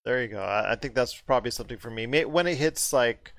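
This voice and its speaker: A man's voice: medium pitch, fast, fairly bright tone, no room sound. A man hosting a casual movie discussion, emphatic and prone to repeating his point when worked up.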